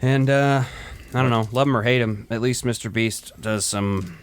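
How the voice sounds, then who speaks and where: A man's voice: medium pitch, moderate pace, slight background noise. A man co-hosting a casual podcast, laid-back and sarcastic, swearing as he reviews snacks. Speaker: podcast co-host.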